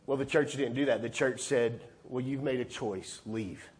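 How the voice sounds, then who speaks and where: A man preaching a sermon as a pastor, from Texas, swinging between loud, high bursts and quiet, low asides as he acts out conversations. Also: steady tone, moderate pace. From Texas, USA.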